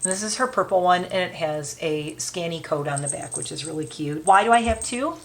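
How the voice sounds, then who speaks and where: Woman vlogger with a low-leaning voice, chatty and sentimental, talking casually while she packs. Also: fairly quick, noisy background. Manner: chatty, emotional, sentimental asides. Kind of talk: casual chat.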